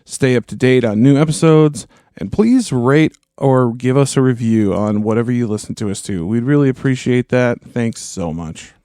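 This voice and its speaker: Male podcast co-host, enthusiastic and chatty; mellow tone, dry close sound. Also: mid-range voice, normal speed, hardly any pauses, no echo. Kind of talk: casual podcast outro.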